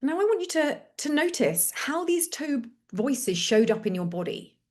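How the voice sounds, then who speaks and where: Gentle woman leading a guided exercise. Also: high-pitched, big pitch swings. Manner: slow, gentle, with repeated prompts.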